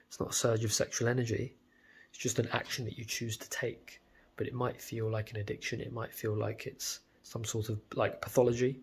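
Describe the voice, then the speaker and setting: A man's voice: lowish voice, level tone, fairly quick, slightly rough. A young British man with a stuffy cold, talking bluntly and profanely in a rambling casual monologue. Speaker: vlogger.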